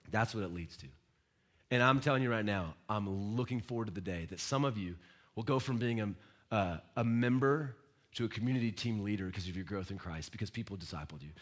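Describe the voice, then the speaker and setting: A man preaching a sermon as pastor, emphatic, with direct questions to the congregation and sudden rises and soft drops. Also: mid-range voice.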